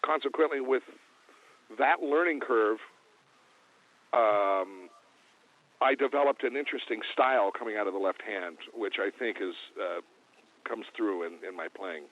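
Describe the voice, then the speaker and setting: A man being interviewed as a guest drummer, relaxed and joking, talking with lots of hesitant fillers. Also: fairly low pitch, unhurried, long pauses. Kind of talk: casual interview. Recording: tinny phone line.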